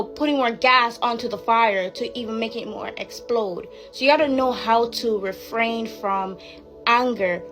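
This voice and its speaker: A woman's voice: on the high side, fairly bright tone. A young woman giving casual Christian advice to her viewers in an earnest, preachy way, with loose fillers. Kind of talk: casual faith talk to camera. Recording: music playing behind the voice.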